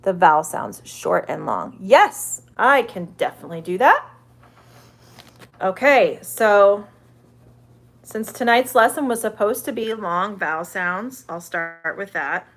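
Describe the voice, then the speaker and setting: A woman's voice: medium pitch, expressive, a little slow. A woman, an online English teacher, chatting through a live-stream Q&A, reading viewer comments aloud and carefully sounding out vowels.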